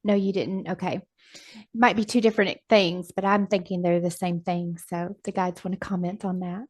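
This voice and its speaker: A woman's voice: fairly low pitch, fairly even intonation, normal speed. A woman hosting a group session, reading out questions in a chatty, loose way. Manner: chatty, hesitant with fillers, relays questions.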